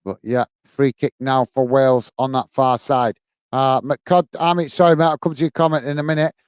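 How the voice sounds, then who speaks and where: A man's voice: medium pitch, steady tone, normal speed, clean tone, dry recording, studio quality. A man hosting a live football watch-along stream, calling the match and chatting with viewers, reading out their comments and thanking them by name in a friendly, rambling way full of fillers. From United Kingdom. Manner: many fillers and restarts, friendly banter.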